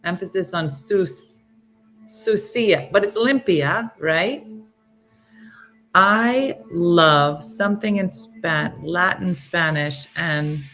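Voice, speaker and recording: A woman's voice: fairly low pitch, takes it slowly, a bit bright, soft background music. A middle-aged woman hosting a casual morning show, playful and laughing as she stumbles over foreign words. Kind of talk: casual live-stream chat.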